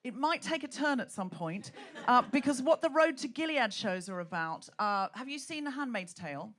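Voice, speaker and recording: A woman hosting a live comedy podcast on stage, rallying a laughing audience with animated, punchy banter. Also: on the high side, moderate pace. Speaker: podcast host.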